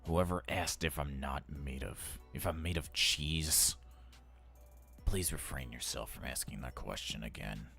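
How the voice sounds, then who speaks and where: A man voicing a stern, grumpy male robot alter ego who speaks low, hushed and curt. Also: unhurried, vocal fry, faint music behind, exaggerated voice.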